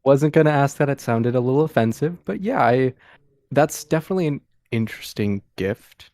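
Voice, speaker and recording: A man's voice: medium pitch, expressive, moderate pace, darkish tone, no echo, close to an everyday voice. A man playing a wary young woman in a tabletop role-play, dry and hesitant but polite.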